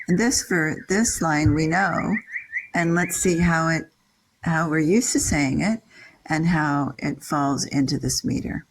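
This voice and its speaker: An older person leading a scripture class, chanting Sanskrit syllables slowly and explaining verse meter and word meanings in a casual way. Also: mid-range voice, rough recording. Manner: reads out word-by-word glosses in a steady list. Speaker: leader of a scripture reading class.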